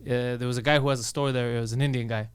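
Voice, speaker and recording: Fast-talking, profane man telling stories. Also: medium pitch, fairly even intonation, clean tone. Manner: profane, fast-talking storyteller who acts out other people's lines. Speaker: podcast co-host. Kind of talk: casual comedy podcast chat.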